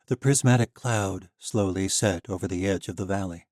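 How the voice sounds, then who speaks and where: Male audiobook narrator, steady and even, warm and close-miked. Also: sits low, moderate pace, no room sound. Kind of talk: scripted narration.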